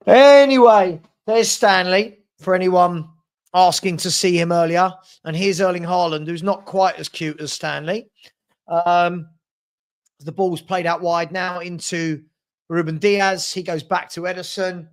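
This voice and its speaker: A man with a high voice talks through a live match as its host. He calls the passes in casual play-by-play and breaks off to answer viewers' comments in a loose, friendly chat. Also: steady tone, unhurried, clean tone. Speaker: watchalong host.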